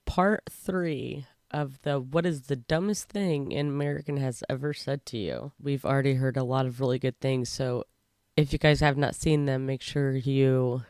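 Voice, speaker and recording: A woman's voice: extremely low pitch, moderate pace, few pauses, no room sound, clean studio sound. Chatty woman hosting a reaction video. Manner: chatty, excitable. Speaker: YouTube reaction host.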